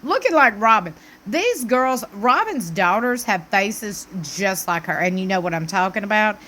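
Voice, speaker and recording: A woman's voice: medium pitch, expressive, normal speed, pushed and bright, slight background noise. A woman, chatting animatedly and emphatically as she recaps a TV episode. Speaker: TV recap YouTuber. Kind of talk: casual chat recap.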